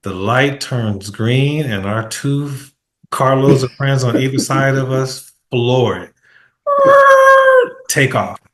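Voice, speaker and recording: A man hosting a casual interview podcast, telling a story in an animated way and acting out the quotes. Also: mid-range voice, takes it slowly. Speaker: podcast host. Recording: echoey room.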